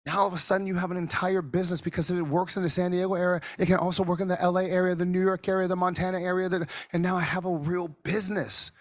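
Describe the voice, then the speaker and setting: A man presenting a marketing masterclass over a video call, animated and sometimes nearly shouting for emphasis. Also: high-pitched, fast, hardly any pauses, no echo, studio quality. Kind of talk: energetic webinar teaching. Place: office studio.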